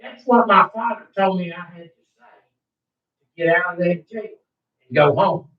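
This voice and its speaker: A man's voice: sits high, normal speed. A man telling an interviewer a rambling story, profane, agitated and boastful. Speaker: interviewee recounting a UFO encounter. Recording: echoey room, far from the mic, dull sound.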